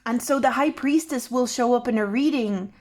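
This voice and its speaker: A woman's voice: on the high side, moderate pace, a little mellow. A woman tarot reader thinking aloud to camera, musing and restarting her sentences as ideas come to her. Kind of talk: intuitive tarot reflection to camera.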